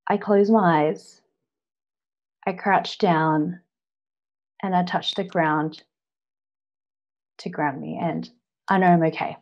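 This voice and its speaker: An Australian woman in her thirties giving an earnest personal story speech, often pausing on "now" to set up the next part. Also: on the low side, fairly even intonation, darkish tone, dull audio. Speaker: public speaker.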